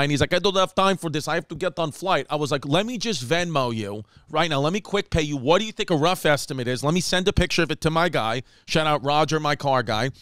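New comic guy ranting through a story, smooth clear voice, kinda high, dry close mic. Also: no room sound. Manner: animated, acts out quotes, rapid run-on storytelling. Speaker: comedian podcast host. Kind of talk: comedic storytelling monologue.

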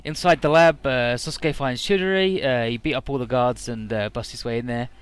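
A man talking through a video game playthrough in a loose, rambling way, full of fillers and casual swearing. His voice sits at an ordinary, mid pitch. Game music hums faintly underneath. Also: fairly quick, clear, resonant tone, no room sound. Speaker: let's play commentator.

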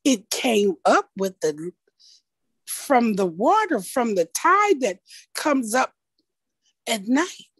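A woman voicing an elderly grandmother in a story, slow and soothing, matter-of-fact and amused. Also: fairly high pitch, big pitch swings, breathy edge, dry recording, studio quality, pitched below the performer's own voice, full character voice. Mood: unbothered. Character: calm, amused old grandmother, unbothered.

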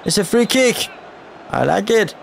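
A gaming channel host with a high-pitched, gravelly voice swings widely in pitch while commentating his football game at a measured pace. He pushes the on-screen players on and talks to his viewers, with slight background noise audible.

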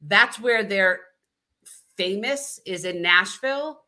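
An upbeat woman co-hosts a casual networking livestream and hands out enthusiastic shout-outs. Her voice is bright and forward, with a middle pitch. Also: animated, slow pace. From New York. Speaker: co-host, chapter president.

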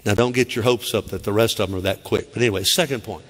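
A middle-aged man with a Southern US accent preaching a lively sermon as pastor in a church, acting out quoted voices with sharp high cries. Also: fast talker. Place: church sanctuary. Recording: church sanctuary with long reverb.

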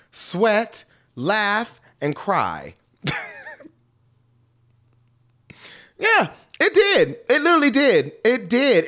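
Animated, chatty young man reacting to music. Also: a little high. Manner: chatty and emotional, swings from reflective to excited squeals. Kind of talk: album reaction commentary. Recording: faint music playing behind.

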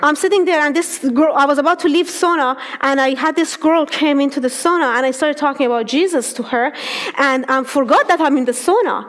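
High-voiced woman giving a sermon testimony. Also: a little fast. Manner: animated storytelling with acted quotes. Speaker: speaker.

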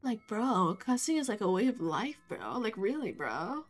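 A woman's voice: on the high side, very animated, normal speed, soft background music. A woman putting on a laid-back young valley girl voice, drawling and saying "bro" and "like" a lot. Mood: mock-serious.

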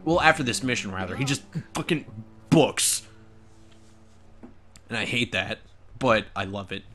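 A man's voice: fairly low pitch, animated, measured pace, pushed and bright, faint music behind. A man casually commentating as he plays a video game at home, chatty, laughing often, and joking around. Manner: chatty, laughs often, jokey put-on accents. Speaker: let's play gamer. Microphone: desk microphone.

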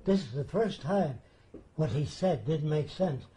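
Older man, interview storytelling, mellow, a bit high. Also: animated, measured pace, slight background noise, poor audio. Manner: plain-spoken, acts out quoted people.

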